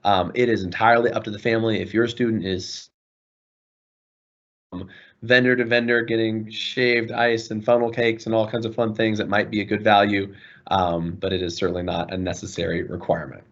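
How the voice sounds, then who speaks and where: A man's voice: on the low side, little pitch movement, a little fast. Earnest man on a dull video call. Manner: earnest, apologetic, warm toward students. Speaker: school administrator. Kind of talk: online parent information session.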